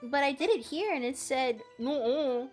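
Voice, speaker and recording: A woman's voice: high-pitched, animated, moderate pace, soft background music. A young woman streamer chatting casually and giggling while playing a game. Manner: giggly, chatty, self-correcting. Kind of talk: casual gameplay commentary.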